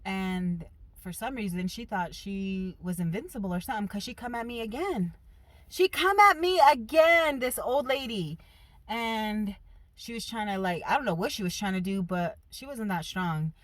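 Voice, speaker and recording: A woman in a casual storytime vlog, talking in an animated, emphatic way. Her voice sits at an ordinary middle pitch, and she leans hard on her punchlines. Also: moderate pace, no echo. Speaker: vlogger.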